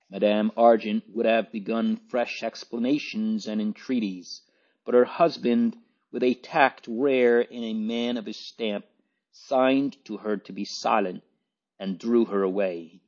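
A man reads a storybook aloud in a measured, very slow delivery. His voice is fairly low, and the recording sounds dull and lo-fi. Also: steady tone, a little mellow. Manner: measured, unhurried reading. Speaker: audiobook narrator. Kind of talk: scripted narration.

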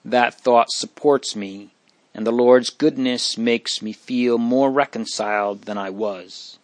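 A man reading the part of a humble old dairyman, speaking low and subdued. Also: takes it slowly, dry recording, close to an everyday voice.

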